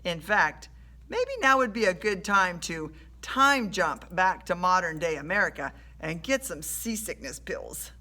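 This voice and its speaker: A woman reading a children's adventure story aloud in an animated storytelling way. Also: fairly low pitch, measured pace. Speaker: storybook reader.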